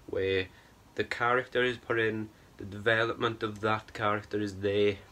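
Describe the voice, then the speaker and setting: A man's voice: fairly low pitch, flat delivery, normal speed, sharp tone. A young man giving a casual, exasperated film review, rambling and tagging his points with "right?" and "bro". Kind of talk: ranting film review vlog.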